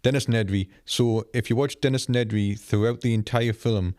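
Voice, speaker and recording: A man's voice: mid-range voice, fairly even intonation, moderate pace, darkish tone. A man co-hosting a movie podcast, explaining points at length in casual chat. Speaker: podcast co-host.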